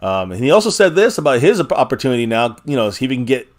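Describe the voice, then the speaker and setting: A man's voice: mid-range voice, quick pace. Chatty man hosting a fan live stream. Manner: chatty, reads viewer comments aloud, energetic. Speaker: fan livestream host. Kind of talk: casual live-stream commentary.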